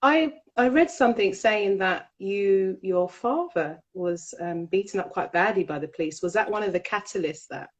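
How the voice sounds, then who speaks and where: A woman's voice: medium pitch, normal speed, hardly any pauses, low-quality recording. A woman from Jamaica hosting her own interview show, asking questions in an encouraging way. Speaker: talk show host. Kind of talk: casual interview chat.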